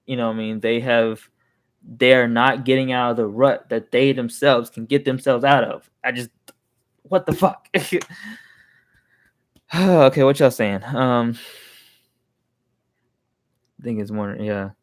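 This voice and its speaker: A man's voice: medium pitch, measured pace, pauses often. A young man venting in a casual, rambling monologue, heated and swearing freely, often restarting his sentences. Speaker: vlogger.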